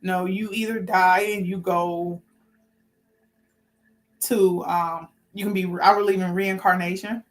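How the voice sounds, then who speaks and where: A woman's voice: fairly low pitch, fairly even intonation, measured pace, long pauses. Earnest rambling woman host. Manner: rambling, restarts, talks herself through points; informal, earnest. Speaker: spiritual talk host. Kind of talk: casual spoken talk with notes.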